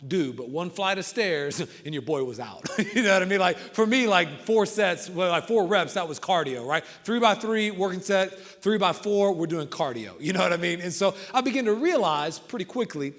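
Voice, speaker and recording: A man giving a motivational talk to coaches, telling stories and swinging from loud outbursts to hushed lines. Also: sits high, animated, moderate pace, hardly any pauses. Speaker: motivational speaker. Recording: reverberant hall.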